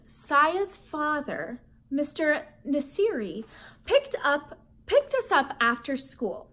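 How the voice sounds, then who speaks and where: A woman from Minnesota with a Minnesota accent, a teacher reading a children's book aloud to her students in a friendly, expressive way. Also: sits high. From Minnesota, United States. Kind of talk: children's read-aloud storytelling.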